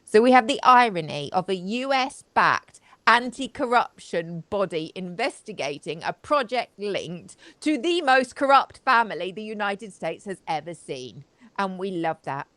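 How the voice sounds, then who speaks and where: Woman host, sarcastic live-stream commentary, dry close sound, mid pitch. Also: very animated, a little slow, a bit bright, no echo. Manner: sarcastic, chatty, talks to her live audience. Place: home studio, live video.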